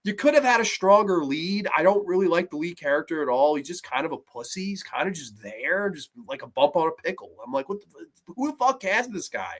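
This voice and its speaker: Profane, animated male film reviewer. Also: on the high side, brisk, hardly any pauses. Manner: profane, animated, mocks scenes in put-on voices. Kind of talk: casual solo film review.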